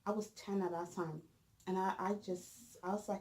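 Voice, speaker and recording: A woman's voice: medium pitch, fairly even intonation, moderate pace, darkish tone, low-quality recording. A young woman, casually telling a storytime vlog with lots of fillers and restarts. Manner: rambling, full of fillers and restarts. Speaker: vlogger.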